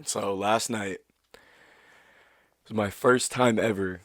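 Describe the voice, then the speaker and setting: A man's voice: on the low side, fairly even intonation, takes it slowly, no echo, studio quality. A young man co-hosting a podcast and telling a story in a laid-back, chatty way, full of fillers. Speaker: podcast co-host.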